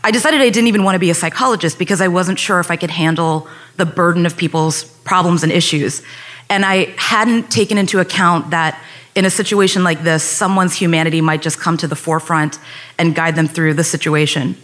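A woman's voice: lowish voice, steady tone, fairly quick, fairly bright tone. A young adult woman telling a personal story on stage, earnest and reflective, speeding up when recalling tense moments.

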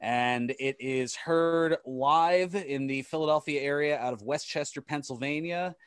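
A man chats casually on a call, dropping dry jokes about wrestling. His voice sits a bit high, recorded close with no room sound. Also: measured pace, fairly bright tone, clear, resonant tone, no room sound. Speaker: wrestling radio host. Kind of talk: casual chat.

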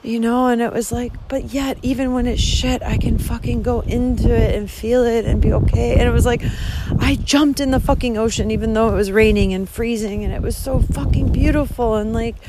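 A woman's voice: on the high side, steady tone, brisk, heavy background noise. A woman in her thirties vlogging outdoors on a hike, talking effusively with lots of swearing and fillers, recorded on a handheld phone. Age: 30s. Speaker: vlogger on a long-distance hike. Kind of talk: casual spoken vlog monologue. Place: outdoors on a coastal hillside at dusk.

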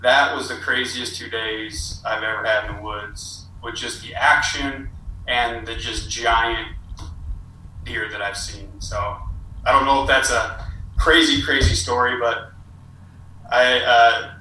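A man's voice: medium pitch, fairly even intonation, takes it slowly, pushed and bright, a little hiss or hum. A man telling a long, rambling hunting story as a podcast guest. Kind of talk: casual storytelling. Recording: roomy, distant with faint ambience.

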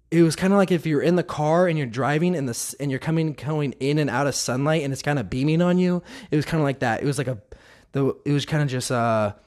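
Brief: man, fairly high voice, earnest confessional testimony, halting restarts. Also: a little mellow. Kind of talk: personal faith testimony.

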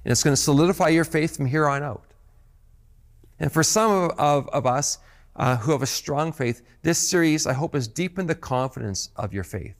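A man's voice: on the high side, lively intonation, normal speed. A man preaching a sermon as pastor, earnest and emphatic, often repeating words as he restarts phrases.

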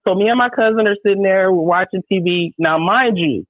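A woman spins a story in a casual podcast chat, emphatic and lively, with swearing all through her telling. Her voice comes through thin and tinny, with the narrow range of a phone line. The sound is dry, with no room around it. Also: medium pitch, a little fast, dry recording. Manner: profane, animated, emphatic storytelling. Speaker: show promoter.

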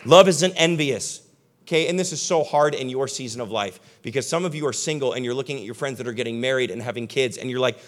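Fast and mid-range, the voice belongs to a young man preaching to a live church-hall audience. As pastor, he addresses his listeners directly in an emphatic, conversational manner.

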